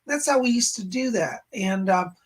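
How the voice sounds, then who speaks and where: Hoarse husky guy on a live stream, pretty high voice, super bubbly, talks about himself in third person. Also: normal speed. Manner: exuberant, calls himself by name in the third person. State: hoarse, clearing his throat. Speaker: psychic medium hosting a live stream. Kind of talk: casual live-stream chat greeting viewers.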